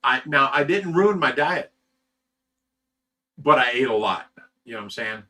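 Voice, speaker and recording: A man's voice: medium pitch, lively intonation, a little slow, bright, forceful tone. Laid-back man hosting a casual livestream. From United States. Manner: laid-back, chuckles often, trails off with "you know". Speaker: livestream host reading chat. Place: fish rescue facility.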